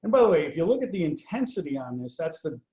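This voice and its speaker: A man presenting poll results over slides in a measured way, with many fillers between the figures. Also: a little high, sing-song, darkish tone, roomy sound. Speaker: pollster presenting survey results.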